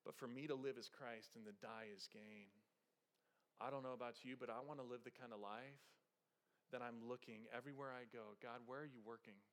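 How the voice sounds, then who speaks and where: A male pastor preaching a sermon, moving from soft conversational storytelling with humor to raised, passionate exhortation. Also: mid-range voice, fairly even intonation, moderate pace.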